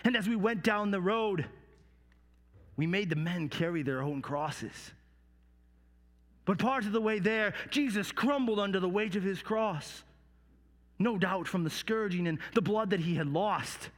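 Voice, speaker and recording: A man performing a dramatic monologue as a Roman soldier, hushed and halting at times. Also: sits high, animated, big-room sound. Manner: storytelling with hushed dips and halting repeats. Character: remorseful Roman soldier telling his story. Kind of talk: dramatic first-person monologue.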